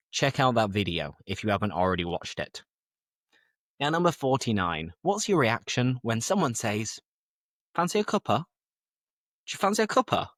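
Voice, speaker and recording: A man's voice: fairly low pitch, fairly bright tone, no echo, clean studio sound. A British man hosting a podcast for English learners, talking in a chatty, playful way and explaining slang simply. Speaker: English teacher and podcast host.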